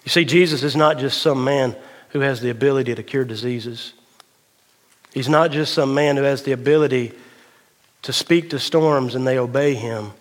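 A man, a pastor, preaching a sermon dramatically, rising louder and higher at climaxes and dropping low and slow for emphasis, with folksy asides. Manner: folksy, tells a dad joke. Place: church sanctuary. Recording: long hall reverb of a church.

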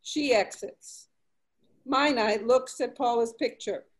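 A woman's voice: fairly high pitch, slow pace. A woman reading the stage directions of a play aloud in a plain, matter-of-fact way.

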